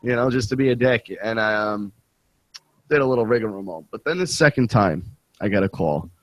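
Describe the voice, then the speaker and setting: A man's voice: fairly low pitch, brisk, no echo, highs cut off. A man co-hosting a casual talk show, telling stories and mimicking callers mockingly. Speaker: co-host. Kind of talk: casual podcast banter.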